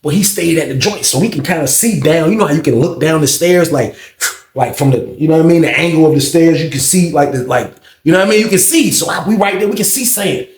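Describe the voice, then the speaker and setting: A man's voice: a little high, quick pace. A man casually telling a storytime tale in slang, animating it with acted-out dialogue. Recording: roomy echo.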